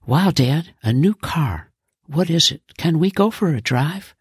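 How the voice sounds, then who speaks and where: An eager, excited young boy, lifting his pitch a bit, with a husky, dry voice, as a man reads him. He sounds thrilled and keen. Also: measured pace, no echo.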